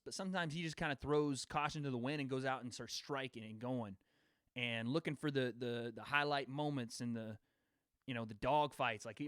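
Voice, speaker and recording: A man's voice: medium pitch, fairly bright tone, no room sound, studio quality. Laughing young man chatting with his stream. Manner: laughing, bantering with chat. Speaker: livestream host. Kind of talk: casual livestream chat and fight predictions.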